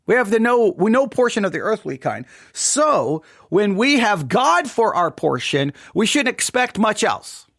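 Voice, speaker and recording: A man's voice: high-pitched, sing-song, a little slow, gravelly, hardly any pauses, a bit bright, dry recording, studio quality. A man giving a devotional Bible study talk, thinking aloud with frequent restarts and rhetorical questions. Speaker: Bible teacher.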